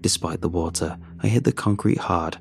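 A man telling a horror story in first person, in a measured and grim scripted narration. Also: deep voice, creaky. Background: faint music.

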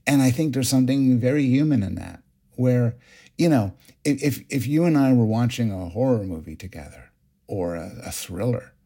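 A middle-aged man, a psychologist guest on a podcast, explaining ideas and telling stories in an animated way. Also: mid-range voice, moderate pace, slightly rough. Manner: explanatory, animated storytelling with restarts. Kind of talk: interview.

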